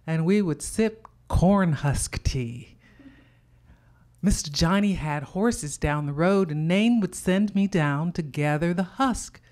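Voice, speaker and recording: A woman from telling a personal story in a measured, heartfelt way. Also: on the low side, darkish tone. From Louisiana.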